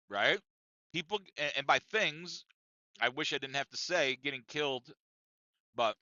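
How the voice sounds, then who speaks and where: Male podcast co-host, emphatic and profane storyteller, forceful tone, dry close mic, a bit lo-fi. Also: fairly high pitch, no echo. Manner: profane, emphatic, repeats himself. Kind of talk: casual storytelling rant.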